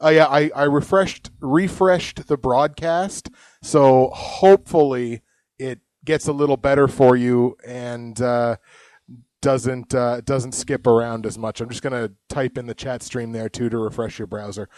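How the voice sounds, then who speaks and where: A man's voice: medium pitch, fairly even intonation, unhurried, a little mellow, no echo. Chatty young man, dry close sound. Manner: chatty, laughs often, rambling. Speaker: podcast co-host. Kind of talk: casual live podcast chat.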